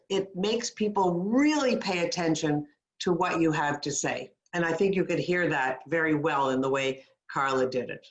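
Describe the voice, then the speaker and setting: Slow, low-voiced woman coaching in an echoey room. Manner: demonstrative, gives upbeat guided tips. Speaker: communication coach. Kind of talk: webinar voice coaching.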